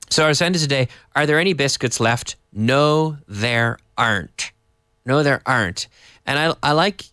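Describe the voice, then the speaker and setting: A man teaching a live online English lesson, explaining slowly and adding Spanish glosses. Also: mid-range voice, a bit bright, dry recording, studio quality.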